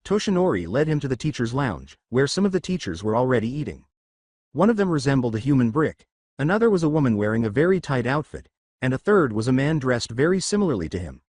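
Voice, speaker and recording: A man narrating a fan story in a steady reading voice. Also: medium pitch, fast, no room sound, clean studio sound. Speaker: fanfiction narrator.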